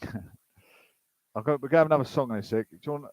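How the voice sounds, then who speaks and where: A man's voice: mid-range voice, fairly quick, darkish tone, no echo, low-quality recording. A man hosting a casual political commentary show. He reads news aloud and breaks off into rambling, chatty asides.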